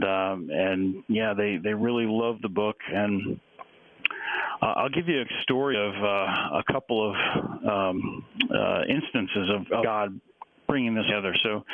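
A man's voice: lowish voice, no room sound. Eager man on a tinny phone line. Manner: eager, halting, full of restarts. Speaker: guest author. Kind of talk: phone-in radio interview. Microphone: telephone.

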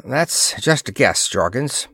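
A man's voice: mid-range voice, lively intonation, slow, pushed and bright, husky, dry recording, pitched above the performer's own voice, full character voice. Man reading a stern spaceship commander, clipped decisive orders, dry close sound. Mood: grim.

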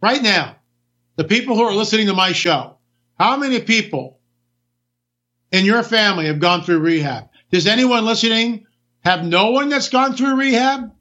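A talk radio host with a high, bright, tense, expressive voice rants through a political monologue at normal speed, hammering each point and firing off rhetorical questions. The audio is dull and lo-fi, its top end rolled off.

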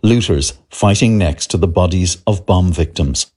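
A man's voice: sits low, measured pace, darkish tone, slightly rough. A man, a correspondent, narrating a news feature in a dramatic, emphatic way. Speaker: foreign correspondent.

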